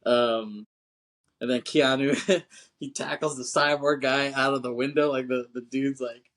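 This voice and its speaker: A man's voice: mid-range voice, fairly even intonation, a little slow, a bit bright. Man in rambling, profane podcast banter. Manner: rambling, profane, laughing often, acts out film lines. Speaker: podcast co-host. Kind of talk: casual film chat.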